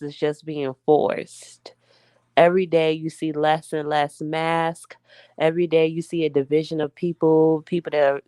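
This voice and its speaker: A woman's voice: sits low, a little mellow, dry recording, studio quality. A young woman venting to her viewers in a casual, emphatic heart-to-heart, addressing them as y'all. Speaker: vlogger.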